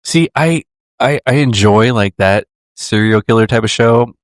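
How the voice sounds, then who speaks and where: A man's voice: mid-range voice, measured pace, no echo, clean studio sound. A young man co-hosting a casual comedy podcast, laughing often and talking crude and jokey. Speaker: podcast co-host.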